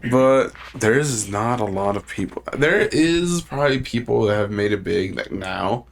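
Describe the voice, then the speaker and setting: A young man co-hosting a casual podcast, sick with a cough, talking in a relaxed, rambling way and laughing often. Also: lowish voice, a little slow, gravelly, a little hiss or hum. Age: young adult. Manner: laid-back, rambling, laughs often, says "like" a lot. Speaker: podcast co-host. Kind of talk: casual chat.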